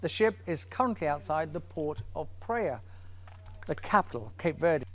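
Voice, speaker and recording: Male news reporter, scripted report, measured formal delivery, somewhat high voice. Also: lively intonation.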